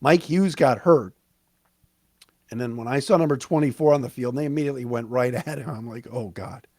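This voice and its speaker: A man hosting a solo sports podcast, recapping a game in an excited, emphatic, conversational way. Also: mid-range voice, brisk, no room sound, studio quality. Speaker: podcast host.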